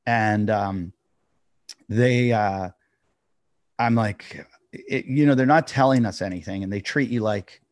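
A man's voice: lowish voice, slow pace, pauses often, dry recording, studio quality. A middle-aged man, a comedian, casually telling a long story on a podcast and acting out the quotes.

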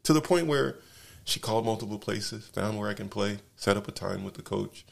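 A man's voice: lowish voice, brisk, gravelly. A man casually telling travel stories as a podcast guest, rambling with many fillers and restarts. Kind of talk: casual storytelling.

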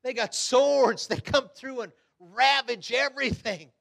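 A middle-aged man preaching a sermon, fervent, swinging between loud exhortation and quiet asides. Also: extremely high pitch, unhurried, creaky.

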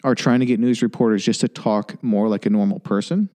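A man's voice: lowish voice, steady tone, a little fast, warm tone. A man hosting a podcast, asking questions in a thoughtful, casual way as he searches for words. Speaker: podcast host. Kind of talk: casual interview chat.

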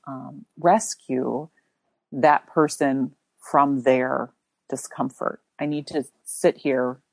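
A woman co-hosting a podcast who reflects thoughtfully and pauses often with fillers. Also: rumbling low, a little mellow, no echo. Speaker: podcast co-host. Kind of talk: casual reflective conversation.

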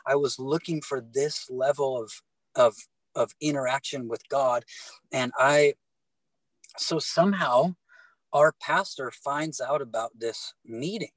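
A middle-aged man telling his faith story in casual talk, animated and halting, often repeating words and restarting. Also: medium pitch, no echo, low-quality recording. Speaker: guest telling his testimony.

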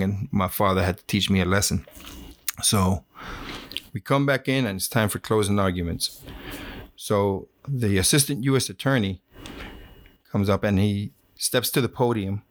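A man's voice: low-pitched, no room sound, studio quality. A middle-aged man, a former Border Patrol agent, telling his own story in a plainspoken, wry, casual way with fillers and restarts.

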